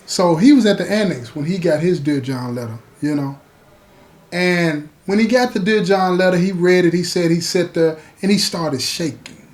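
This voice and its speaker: A male podcast host with a high voice. He tells the story in a folksy, conversational way and keeps checking in with his listeners as he goes. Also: darkish tone. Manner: folksy, repeats "you know what I'm saying".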